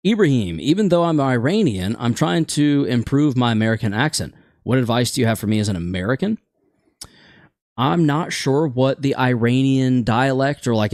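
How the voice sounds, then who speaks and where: A man's voice: medium pitch, a little mellow, dry recording, clean studio sound. A man hosting a casual gaming chat show, rambling and opinionated, stumbling over words now and then.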